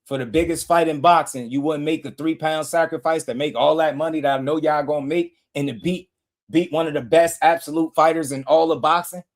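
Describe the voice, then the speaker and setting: A man hosting a casual boxing livestream, talking emphatically in slang, repeating himself and shouting out viewers from the chat. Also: fairly high pitch, steady tone, a little fast. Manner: emphatic, repetitive, slangy, reads super chats aloud.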